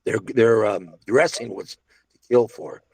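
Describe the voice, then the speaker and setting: A man's voice: on the low side, a little slow, vocal fry, slightly rough, no echo. An older man reminiscing casually about his restaurant days, a rambling storyteller full of restarts and asides. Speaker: interviewee recalling restaurant days.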